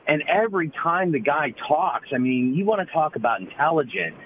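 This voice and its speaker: A man's voice: on the high side, lively intonation, a little fast. Man, radio caller, rambling, thin phone sound, light hiss. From Pittsburgh, USA. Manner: rambling, full of "you know". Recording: tinny phone line.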